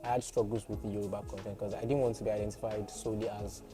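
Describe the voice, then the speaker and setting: A young Nigerian man with a Nigerian accent chats in an easygoing interview, often breaking into laughter and poking fun at himself. Clear music plays behind his voice. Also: lowish voice, little pitch movement, very fast. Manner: laughing, playful, self-deprecating. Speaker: guest content creator and voiceover artist. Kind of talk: casual interview chat.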